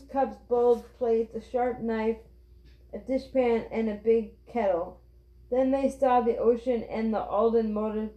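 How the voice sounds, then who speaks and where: A woman reading a children's book aloud with clear, steady storytelling. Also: fairly high pitch. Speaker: reader. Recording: roomy, dull lo-fi.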